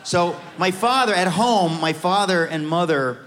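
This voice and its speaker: A man with a slightly high voice tells his story with animated, joking energy. He sounds like a guest author on stage at a live event. Long reverb from a large hall trails behind each phrase. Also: measured pace. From United States.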